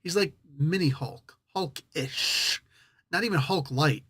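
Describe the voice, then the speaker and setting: A man's voice: a little high, takes it slowly, a bit bright, slightly rough, dry recording, studio quality. A man hosting a casual comic book review, rambling and correcting himself as he thinks aloud.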